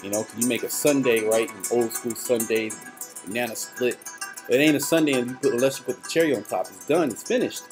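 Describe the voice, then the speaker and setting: Brief: male preacher, mid-pitched, fiery and blunt delivery, faint music underneath. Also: fairly quick. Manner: fiery, emphatic, rough-spoken. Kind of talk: preaching with scripture reading.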